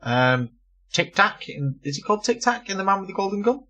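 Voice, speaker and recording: A man's voice: sits high, very animated, brisk, pushed and bright, highs cut off. A young man co-hosting a casual podcast, telling stories with plenty of swearing and laughter. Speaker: podcast co-host. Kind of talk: casual chat.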